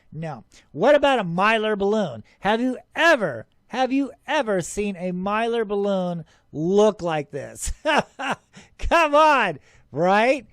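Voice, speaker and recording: A man hosting a UFO show, excitedly talking over his own footage, rambling, laughing often and scoffing at skeptics. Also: high-pitched, dry recording. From Arizona, USA.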